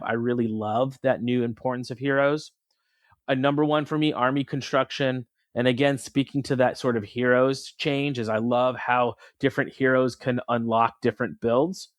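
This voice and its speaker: A man's voice: mid-range voice, dry recording. A man co-hosting a podcast, chatting about what he likes in a thoughtful, eager way. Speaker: podcast co-host. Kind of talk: casual chat.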